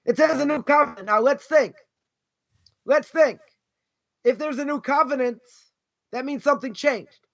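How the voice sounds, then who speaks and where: A rabbi with a Boston accent teaches an informal Torah class in an extremely high, creaky voice, moving at a moderate pace with frequent pauses. He argues through rhetorical questions and repeats key phrases for emphasis, and the recording is dull and lo-fi.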